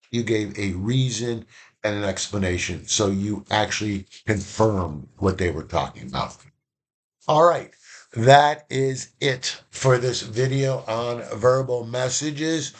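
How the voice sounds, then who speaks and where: Man giving a lively casual lesson. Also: medium pitch, slow pace. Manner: lively, acts out little dialogues. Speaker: instructor.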